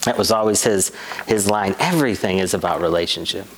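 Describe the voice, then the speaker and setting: A man delivering a sermon as a priest, earnest and measured, repeating key lines for emphasis. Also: deep voice, a little hiss or hum, rough recording. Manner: earnest, measured preaching with rhetorical repetition.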